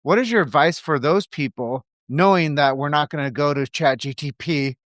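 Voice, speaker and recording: A man's voice: on the high side, normal speed, a bit bright, no room sound, clean studio sound. A man hosting a podcast in casual conversation, making emphatic points and putting questions to his guest. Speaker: podcast host.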